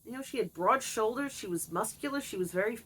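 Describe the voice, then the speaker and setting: A woman's voice: fairly high pitch, lively intonation, quick pace, a bit bright, breathy edge. A middle-aged woman talking candidly to camera about her childhood and her pets, reflective and confiding. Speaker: vlogger. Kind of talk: candid personal monologue.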